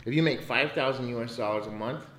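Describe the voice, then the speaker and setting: An American man hosts a casual money podcast, talking bluntly and ranting in bursts with lots of swearing. His medium-pitched voice is fairly bright and fast. The sound is roomy.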